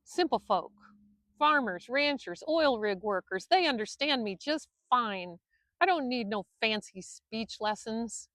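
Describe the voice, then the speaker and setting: A woman voicing a stubborn, hot-tempered middle-aged Texan preacher man, loud and defiant with folksy grammar. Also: a little high, lively intonation, moderate pace, dry recording, clean studio sound. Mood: angry. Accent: Texan drawl.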